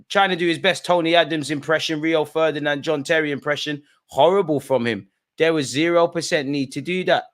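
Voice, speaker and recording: Excitable football streamer, bright voice. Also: male voice, medium pitch, fast talker. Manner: excitable, shouts at the referee, slangy banter. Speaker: football watch-along streamer. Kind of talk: live match reaction commentary.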